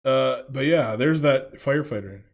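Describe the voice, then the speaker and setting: A man's voice: mid-range voice, normal speed, vocal fry. A man in his late twenties ranting in a reaction commentary, swearing a lot, rambling and laughing often.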